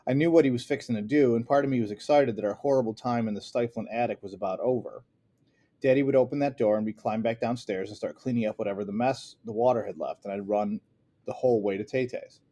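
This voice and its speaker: A man narrating a first-person novel aloud with steady, earnest delivery. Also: mid-range voice, quick pace. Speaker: audiobook narrator. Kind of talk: first-person audiobook reading.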